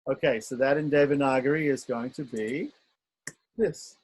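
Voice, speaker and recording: A man's voice: mid-range voice, normal speed, darkish tone, poor audio. A man teaching an online script lesson, patiently sounding out letters and often checking in with his students.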